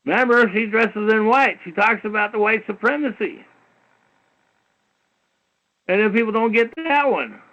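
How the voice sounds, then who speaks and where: Speaking slowly and pausing often, a high-voiced man runs a call-in talk show heard over a dull, lo-fi internet radio stream. His lecture is heated and rambling; he repeats himself, leans on "you know," and curses now and then.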